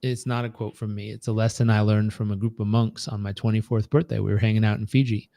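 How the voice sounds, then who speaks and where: A man's voice: lowish voice, level tone, fast talker, vocal fry, dark tone, no echo. Earnest man coaching, dry sound. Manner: earnest, repetitive storytelling. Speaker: performance coach. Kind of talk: live training talk.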